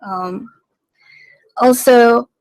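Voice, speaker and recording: A woman hosting a radio language lesson, teaching slowly and patiently and repeating each phrase. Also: on the high side, darkish tone, dry recording, poor audio. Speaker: radio language segment host. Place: radio studio.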